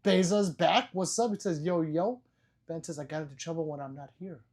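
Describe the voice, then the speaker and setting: A man's voice: on the high side, a little fast, a little mellow. A man hosting a casual livestream, reading viewers' chat messages aloud, joking, laughing and swearing freely. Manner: loose and profane. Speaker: livestream host.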